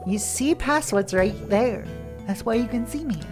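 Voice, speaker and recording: A woman voicing a lonely young male ghost's game dialogue, reading it slowly, gravely and cryptically. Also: fairly high pitch, lively intonation, over music, lightly acted. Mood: solemn.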